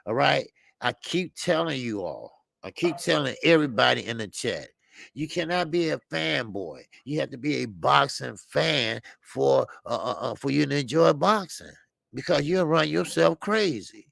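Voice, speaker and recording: A man's voice: mid-range voice, animated, normal speed, creaky, a bit bright, no echo. A man hosting a boxing call-in show, talking casually and animatedly, rambling with many restarts.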